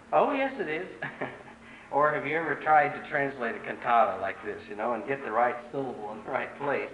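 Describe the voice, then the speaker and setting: A man's voice: fairly high pitch, a bit bright, roomy sound, highs cut off, a little hiss or hum. A man conducting a choir rehearsal, teaching in an earnest, emphatic way with many fillers.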